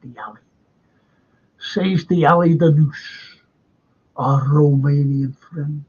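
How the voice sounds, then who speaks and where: A man's voice: on the high side, steady tone, slow, long pauses, breathy edge, narrow, tinny audio. A man with a Scouse accent hosting a live stream, chatting in a meandering way and reading out viewer comments. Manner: meandering, chatty, self-interrupting.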